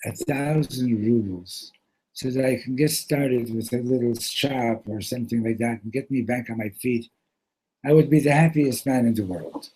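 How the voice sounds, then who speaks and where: A man voicing a poor, pious water carrier who earnestly pleads with God in a husky voice. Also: mid-range voice, normal speed, dark tone, lightly acted. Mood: pleading.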